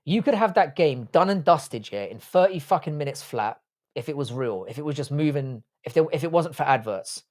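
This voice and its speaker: Reading out viewer comments on his livestream, a young English host with an English accent chats bluntly and swears. His voice sits on the high side, animated and brisk, with a slightly mellow quality.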